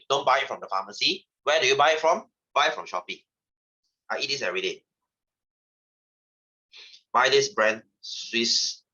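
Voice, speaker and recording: A man's voice: medium pitch, pushed and bright, highs cut off. A man giving a chatty science lesson to his class, asking questions and repeating himself. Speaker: science teacher. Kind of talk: classroom lecture.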